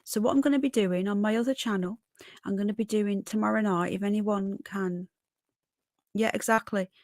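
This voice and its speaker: A woman's voice: mid-range voice, fairly even intonation, normal speed, dry recording, studio quality. A woman hosting a casual livestream, chatting with viewers and thanking them by name. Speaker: livestream host.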